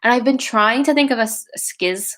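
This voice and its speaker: A woman's voice: a little high, fairly quick, a bit bright. A young woman hosting a casual livestream, reading out viewer comments and chatting in a gushing, chatty way. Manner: chatty and gushing, many "like"s and "oh my God"s. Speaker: livestream host and cover singer.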